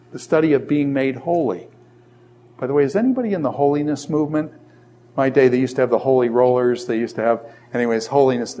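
A middle-aged man teaching a Bible class to a room of students. His voice sits at an ordinary pitch, and he keeps asking questions and answering them himself. He breaks into animated stories and jokey asides. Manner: animated storytelling with jokes and asides. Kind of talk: lively classroom lecture.

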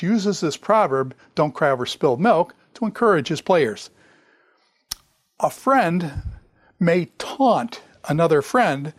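A man's voice: mid-range voice, no echo. A middle-aged man giving a conversational lecture, repeating his phrases and often checking in with "okay?". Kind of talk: classroom lecture.

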